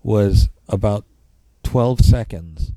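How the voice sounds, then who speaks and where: A man with a very dark, mellow voice talks through an informal lecture, circling back and repeating points to drive them home. His voice sits a little low, and the sound is close and dry with no room echo. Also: slow pace. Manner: rambling, repeats key points for emphasis.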